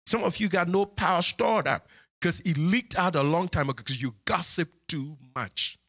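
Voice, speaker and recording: Scolding preacher man, bright voice. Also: normal speed. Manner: scolding, swings from low asides to high exclamations. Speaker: pastor. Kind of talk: sermon. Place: church.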